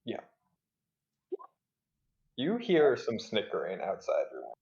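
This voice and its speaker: A man running a tabletop game as game master, narrating in a relaxed way and laughing often. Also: fairly low pitch, a little slow, creaky, lo-fi sound.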